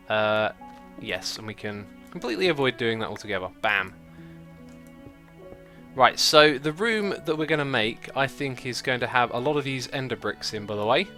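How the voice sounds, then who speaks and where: A man's voice: medium pitch, pushed and bright. A man hosting a gaming livestream, chatting casually, laughing often and reading out donations and chat messages. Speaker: streamer host.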